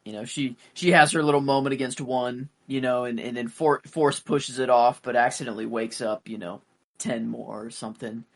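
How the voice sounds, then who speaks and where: A young man chatting on a fan podcast. He rambles and hesitates, filling gaps with "like" and "you know". His voice sits at an ordinary middle pitch. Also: fairly even intonation, normal speed, gravelly. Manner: rambling, hesitant, many fillers. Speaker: podcast co-host. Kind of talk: casual fan podcast chat.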